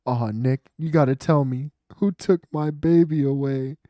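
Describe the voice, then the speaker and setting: A man's voice: medium pitch, unhurried, warm tone, no echo, close to an everyday voice. A man voicing a panicky, melodramatic young man who wails in despair. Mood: wailing.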